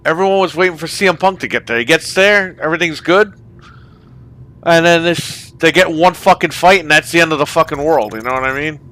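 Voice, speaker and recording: A man's voice: on the high side, brisk, sharp tone. A man hosting a casual online gaming chat, ranting with heavy profanity. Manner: profane, ranting about wrestling. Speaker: podcast host.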